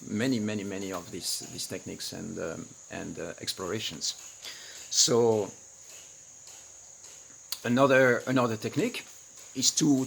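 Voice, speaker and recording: A man with a lowish, creaky, slightly bright voice hosts a teaching webinar as a relationship coach, acting out quoted lines with sudden jumps in volume. He records in a home studio among rice fields with the outdoors nearby, and there's slight background noise.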